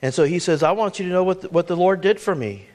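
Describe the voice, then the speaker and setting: Male preacher with a high voice, emphatic sermon delivery that stumbles over repeated words, reads scripture aloud. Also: fast, a little mellow. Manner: reads scripture aloud in old-fashioned wording.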